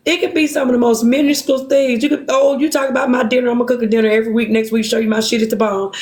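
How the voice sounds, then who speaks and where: A high-pitched woman pours out her feelings to her supporters, passionate, blunt and full of curses. Her voice bounces around a roomy, echoing space. She scolds herself as she speaks. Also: a little mellow. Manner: impassioned, profane, self-reproaching. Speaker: livestream host. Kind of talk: emotional livestream talk.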